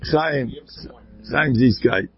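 A man giving an informal inspirational talk full of stories, with an animated delivery that swoops up high and then drops to quiet asides. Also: drawn-out words, slight background noise. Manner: animated, swooping pitch, sudden quiet drops, laughs between points. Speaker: inspirational speaker. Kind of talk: informal Jewish ethical talk with storytelling. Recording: dull lo-fi dry recording.

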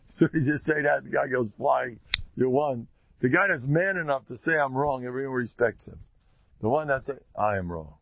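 A man's voice: mid-range voice, brisk, vocal fry, lo-fi sound, slight background noise. A man with a Yeshivish, Yiddish-peppered accent giving an informal religious talk, joking and acting out little dialogues. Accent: Yeshivish English, Yiddish-peppered. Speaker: speaker giving a Torah talk.

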